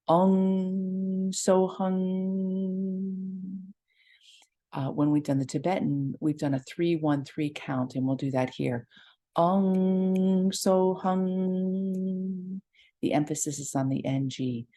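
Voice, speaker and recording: A woman leading a guided meditation, explaining a mantra gently before chanting it slowly. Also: deep voice, fairly even intonation, slightly rough. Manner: slow, gentle teaching with sustained chanting. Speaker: meditation leader.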